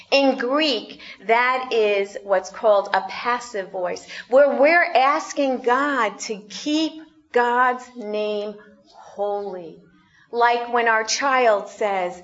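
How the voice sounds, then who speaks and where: Slow-speaking woman pastor. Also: a little high, expressive, dull audio. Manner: conversational, asks the congregation questions. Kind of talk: sermon.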